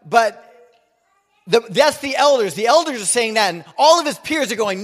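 A man's voice: extremely high pitch, lively intonation, moderate pace, big-room sound. A man in his forties preaching a sermon in a casual, joking, conversational way. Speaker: pastor.

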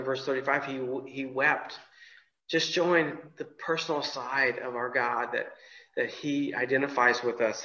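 A man delivers a sermon as a pastor, his slightly high voice bright and forceful. He talks in a loose, conversational way, stumbling into restarts and fillers. The recording is roomy with echo and sounds dull and lo-fi. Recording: echoey room, dull lo-fi sound.

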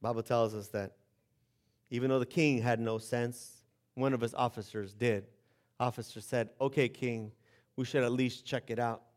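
A man preaching a sermon, retelling a story with animated acted-out voices for the characters. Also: medium pitch, moderate pace. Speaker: pastor.

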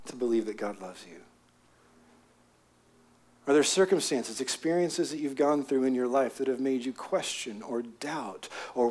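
A man preaching a sermon, swinging from loud emphatic peaks down to hushed near-whispers. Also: mid-range voice, husky. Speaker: pastor. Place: outdoor gathering with a prayer tent.

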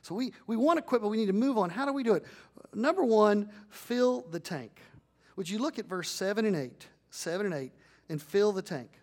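A man with a notably high voice delivers a sermon from the pulpit. He builds his points to emphatic peaks and has the congregation repeat phrases back to him. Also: lively intonation, normal speed, darkish tone. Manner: preaching with rising emphatic peaks and call-and-response. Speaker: pastor.

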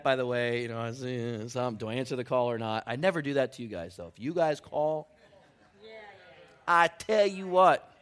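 A man preaching a sermon as a church pastor, telling a story with jokes and growing quiet and hushed toward the close. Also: a little high. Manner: storytelling, joking, then softening to a hushed close.

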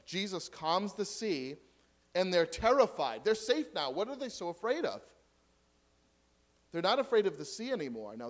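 A pastor with a voice on the high side preaches a sermon to his congregation. He swings between loud, emphatic points and quiet asides and questions.

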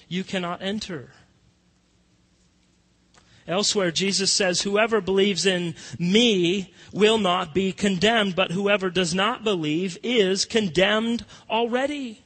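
Male pastor, sermon delivery, high and bright, emphatic swings between hush and force, long hall reverb. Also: moderate pace. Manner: emphatic preaching, swinging between hushed and loud.

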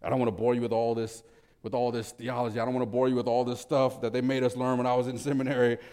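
A male pastor preaching a sermon in a church, animated, swinging between loud emphasis and soft low asides. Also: fast, clear, resonant tone. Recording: reverberant church hall.

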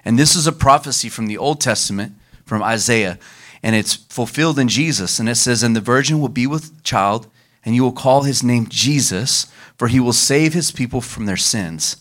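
A man preaching a sermon as pastor, leading the congregation in call-and-response and slowing down for emphasis. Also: medium pitch, fairly bright tone. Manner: leads the congregation in call-and-response, varies his pace for emphasis.

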